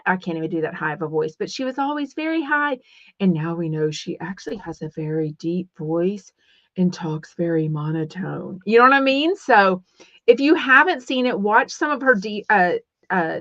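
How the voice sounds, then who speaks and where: A woman's voice: medium pitch, fairly bright tone, no room sound. A middle-aged woman from Texas with a Texan accent, hosting a rambling, casual livestream podcast with lots of fillers. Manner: chatty and rambling, many fillers and restarts. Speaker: podcast host. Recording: dull lo-fi dry sound.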